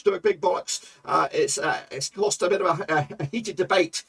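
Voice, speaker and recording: A man hosting his own football management game channel, talking loudly and chirpily while he plays, rambling with many fillers. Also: high-pitched, expressive, normal speed, vocal fry, few pauses, slightly rough. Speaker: gaming channel host. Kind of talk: casual game commentary.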